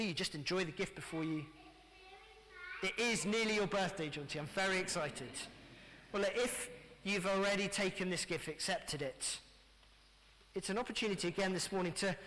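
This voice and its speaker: A middle-aged English pastor gives a lively family sermon and turns often to the children. His voice sits high and sounds bright and clear. The church's long reverb trails after his words. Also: slight background noise. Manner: lively, addressing children directly.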